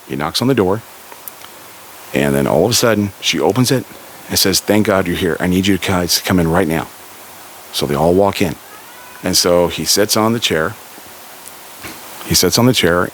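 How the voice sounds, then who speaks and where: A man's voice: low-pitched, a little hiss or hum, poor audio. A man from Southern California telling a story casually, relaying a conversation with frequent "he goes" and "she goes.".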